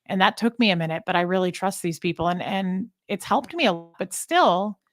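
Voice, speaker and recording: A woman's voice: on the low side, expressive, fairly quick, no echo, studio quality. A woman hosting a candid conversation, talking bluntly and emotionally, with some casual swearing. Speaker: podcast host.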